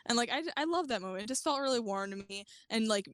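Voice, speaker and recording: A woman's voice: fairly high pitch, fast, dry recording. Woman on a podcast, dry close sound. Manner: relaxed, fills speech with "like". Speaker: podcast guest. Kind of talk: casual film review chat.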